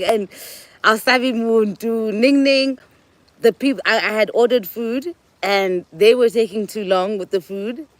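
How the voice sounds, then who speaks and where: A South African woman hosting a show, talking casually and telling animated stories, often acting out other people's voices and mixing in local words. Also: medium pitch, no echo, rough recording. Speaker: host. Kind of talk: casual monologue.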